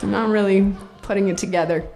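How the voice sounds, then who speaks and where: A woman's voice: mid-range voice, steady tone, brisk, creaky, a little mellow, a little hiss or hum. A woman telling her own recovery story in a blunt, darkly funny way, swearing freely. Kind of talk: candid personal testimony.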